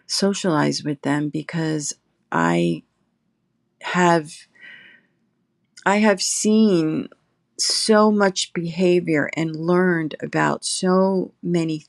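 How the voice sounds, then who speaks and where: A middle-aged woman, a guest in recovery, telling her personal story slowly and reflectively, pausing often. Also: low voice, vocal fry, no room sound, studio quality. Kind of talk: emotional personal testimony. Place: her apartment.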